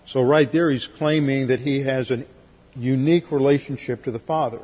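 Husky-voiced man teaching scripture, echoing hall. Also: medium pitch, fairly even intonation, moderate pace. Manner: methodical, cites verses, dry asides. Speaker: pastor teaching Bible class. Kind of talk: expository Bible teaching. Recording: lo-fi recording, long hall reverb.

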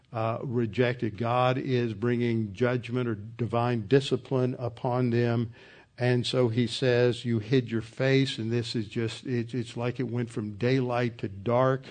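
A man of medium pitch leads a verse-by-verse Bible teaching. He explains word meanings patiently, often pausing with fillers and restarting his sentences as he quotes scripture. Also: darkish tone. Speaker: pastor teaching a Bible study.

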